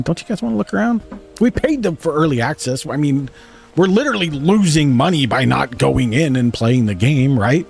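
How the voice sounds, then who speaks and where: A man's voice: on the high side, gravelly, darkish tone. A man streaming a game, telling a rambling story in a casual, profane way. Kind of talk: casual storytelling while gaming.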